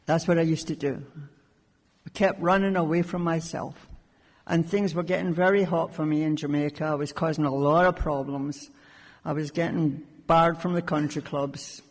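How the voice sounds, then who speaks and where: A woman's voice: sits low, steady tone, normal speed. A woman from Scotland tells her own recovery story to a gathering, joking at her own expense with a wry edge. Her voice carries through a large conference hall with a long, lingering reverb. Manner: wry, self-mocking humor. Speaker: AA speaker sharing her story.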